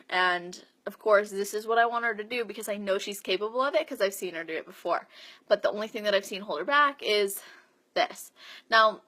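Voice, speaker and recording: A woman's voice: medium pitch, moderate pace, sharp tone. A woman personal trainer casually recounting a session with a client, chatty and emphatic with a coaching tone. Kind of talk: casual storytelling vlog.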